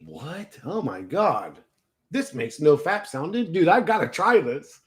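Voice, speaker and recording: Crude, animated man chatting casually. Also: a little high, slow pace. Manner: crude, profane, animated, laughing often. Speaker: streamer chatting with viewers. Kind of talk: casual chat.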